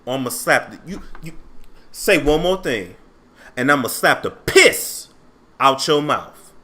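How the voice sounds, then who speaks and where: A man voicing a stern middle-aged mother who scolds her grown daughters in a firm, low, threatening tone. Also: lively intonation, slow pace, pushed and bright. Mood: scolding.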